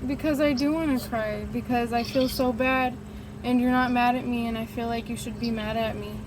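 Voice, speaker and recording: A woman's voice: fairly high pitch, fairly even intonation, normal speed. A woman vlogging casually at home in her kitchen, chatty and cooing at her dogs. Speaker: vlogger, animal rescuer. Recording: noisy home recording.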